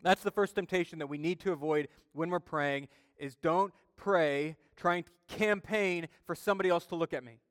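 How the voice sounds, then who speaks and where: Male pastor, sermon, fairly high voice, smooth and resonant, dry close sound. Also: normal speed, few pauses, no echo, in a large hall. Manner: emphatic, builds intensity when retelling stories.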